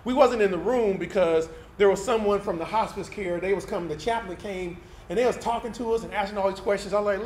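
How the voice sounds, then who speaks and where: Male pastor, fairly high voice, conversational testimony sermon, roomy hall with a faint hiss underneath. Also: quick pace, hardly any pauses, darkish tone. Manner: candid, conversational, tag questions like "right?". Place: event hall used for Sunday service.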